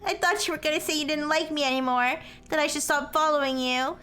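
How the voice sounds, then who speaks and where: A shy young schoolgirl in a visual novel, anxious and clingy as she speaks up to her senior, as a woman streamer reads her lines. Her voice sits high and light. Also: steady tone, quick pace, pushed and bright, faint music behind. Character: shy, tearful young female underclassman.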